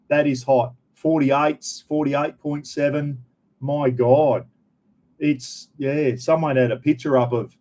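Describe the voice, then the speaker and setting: A man's voice: medium pitch, warm tone. A middle-aged Australian man hosting a casual live chat, rambling and friendly, calling everyone mate as he greets viewers. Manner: rambling, chatty, frequent "bloody" and "mate". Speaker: livestream host.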